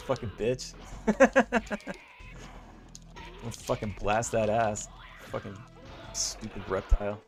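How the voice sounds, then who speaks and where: A man's voice: fairly low pitch, expressive, unhurried, pauses often. A man streaming a fighting game from a small office corner, swearing, yelping and laughing as he plays, with game music behind him. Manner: profane trash talk, frequent yelps and laughter. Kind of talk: live gameplay commentary.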